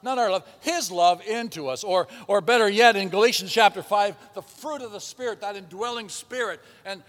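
A man preaching in a lively, conversational way, dropping from loud emphasis to near-murmurs and doubling back on his words. His voice sits high and bright for a man. The hall around him gives a long, ringing reverb. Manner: lively, swings from loud to hushed, chuckles, repeats words. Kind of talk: sermon.

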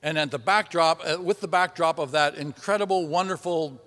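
High, bright-voiced preacher in a hall. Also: male voice, normal speed. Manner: lively, swings from loud to hushed, chuckles, repeats words. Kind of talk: sermon.

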